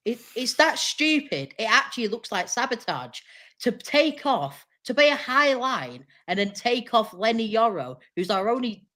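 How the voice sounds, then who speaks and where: A woman's voice: fairly high pitch, sing-song, normal speed, pushed and bright. Exasperated woman football pundit. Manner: exasperated and sarcastic. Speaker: football pundit on a fan panel. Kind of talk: casual debate.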